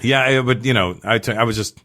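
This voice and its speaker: A middle-aged comedian from Canada, telling profane stories in a casual chat and acting out what people said. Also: male voice, medium pitch, sharp tone. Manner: fast, profane storytelling with acted-out quotes. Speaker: comedian guest.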